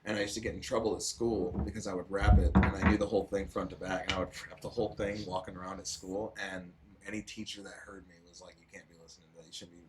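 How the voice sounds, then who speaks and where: A man's voice: low-pitched, little pitch movement, fast, hardly any pauses, very noisy. A young man co-hosting a live stream, chatting loosely and swearing, with lots of laughter. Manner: loose, profane, laughing storyteller. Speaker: stream co-host. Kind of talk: casual stream chat.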